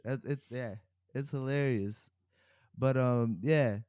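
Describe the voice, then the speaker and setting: A young man co-hosting a podcast, chatting casually and telling animated stories with laughs mixed in. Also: mid-range voice, slow, clean tone, dry recording, studio quality. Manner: animated storyteller, laughs mid-sentence. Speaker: podcast co-host. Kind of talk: casual chat.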